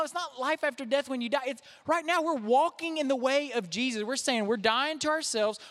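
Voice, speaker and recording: A man's voice: very high voice, fairly bright tone. A young man, a pastor, preaching a sermon in a conversational, self-deprecating way. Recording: reverberant hall.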